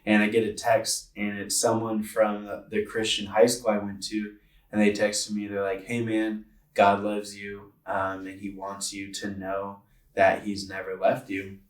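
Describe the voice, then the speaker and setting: A man's voice: fairly low pitch, completely flat delivery, measured pace, far from the mic. A man in his twenties telling a personal story on a podcast, earnest and rambling with lots of filler words. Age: 20s. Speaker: podcast co-host. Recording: roomy sound from away from the mic.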